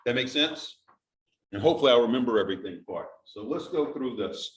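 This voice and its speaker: A man speaks to a church audience in a relaxed, explanatory way, stopping to put questions to his listeners. His voice reaches the recording from some distance across a large sanctuary, with a roomy echo around it. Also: mid-range voice, brisk, slight background noise. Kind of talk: informal slideshow talk. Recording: echoey hall from a distance.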